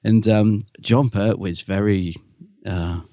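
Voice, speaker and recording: Gravelly, chatty man. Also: lowish voice, steady tone, takes it slowly, mellow, no room sound, muffled recording. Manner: chatty, laughs often, fond of anecdotes. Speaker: podcast co-host. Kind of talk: casual chat.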